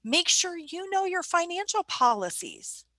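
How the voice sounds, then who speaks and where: A woman's voice: very high voice, big pitch swings, measured pace, sharp tone, no echo. A woman presenting a staff training webinar in a conversational way, putting questions to her audience.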